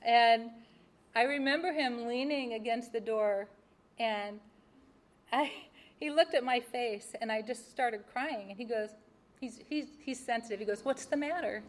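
A woman telling a personal testimony, expressive and laughing at her own mishaps. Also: on the high side, a little slow. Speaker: speaker sharing a personal testimony. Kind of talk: personal storytelling.

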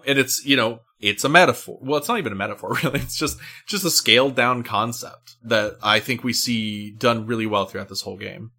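A man co-hosting a casual podcast conversation, talking in an animated, emphatic way. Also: mid-range voice, fairly quick, few pauses. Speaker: podcast co-host. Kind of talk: casual chat.

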